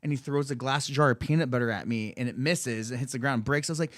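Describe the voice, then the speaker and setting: A man's voice: medium pitch, fast, no room sound, clean studio sound. A man telling a long personal story in casual podcast chat, full of profanity and acted-out quotes in a raised voice.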